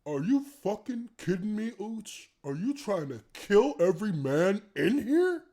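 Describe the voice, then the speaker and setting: A man playing a furious middle-aged football coach who scolds in disbelief. The voice is raised a little higher. It sounds outraged and blunt. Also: big pitch swings, unhurried, warm tone, full character voice.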